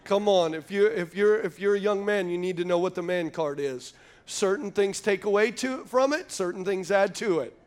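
High voiced guy pastor preaching, jokey asides, keeps asking the crowd to answer back. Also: normal speed. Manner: call-and-response preaching, asks the crowd to answer; jokey asides between points. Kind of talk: sermon. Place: church sanctuary before a live congregation.

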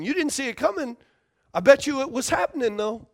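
A man's voice: very high voice, expressive, a little fast. A man preaching a sermon as a pastor, emphatic and repetitive, often asking the congregation for responses.

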